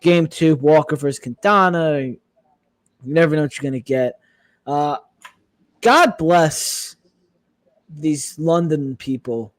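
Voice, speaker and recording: A man with a fairly high voice co-hosts a casual sports podcast, running through numbers and matchups briskly. The sound is close and dry, with no room behind it. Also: dry recording. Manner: reads stats and matchups, brisk and upbeat. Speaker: podcast co-host.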